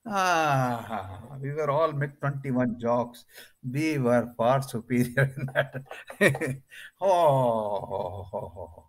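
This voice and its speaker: A man's voice: mid-range voice, slow pace. An older man with an Indian accent, a retired air force officer telling stories as an interview guest. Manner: animated, acts out others' lines in his stories. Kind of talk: anecdotal interview storytelling.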